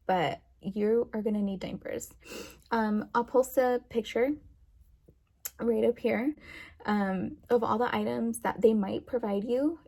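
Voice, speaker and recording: Young woman vlogging, kinda gravelly fry, warm mellow tone, rambly w lots of um and like, a bit teary. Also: on the high side. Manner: chatty, rambling, many fillers. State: emotional, near tears. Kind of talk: casual chat to camera.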